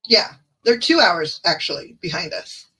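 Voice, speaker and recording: A woman with a Midwestern accent chats on a livestream, rambling through stories full of fillers and asides. Her voice is bright and forward. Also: lowish voice, very animated, measured pace, breathy edge, low-quality recording. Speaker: livestream card reader. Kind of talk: casual livestream chat.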